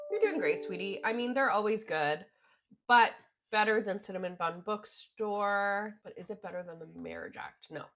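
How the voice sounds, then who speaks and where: A woman's voice: mid-range voice, a bit bright. A young woman vlogger talking casually through her book rankings, rambling with lots of fillers. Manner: chatty, rambling with many "like" fillers. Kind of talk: casual book review chat.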